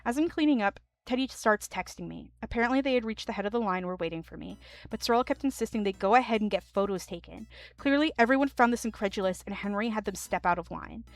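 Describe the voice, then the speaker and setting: A woman streamer reading online stories aloud, with animated commentary and laughing asides. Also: mid-range voice, fast, faint music behind.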